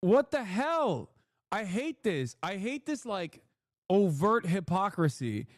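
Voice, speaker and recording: A man's voice: high-pitched, very animated, takes it slowly, dry recording, clean studio sound. A man giving a profane, exasperated live-stream rant, mocking and talking straight to his chat. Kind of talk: ranting live-stream commentary.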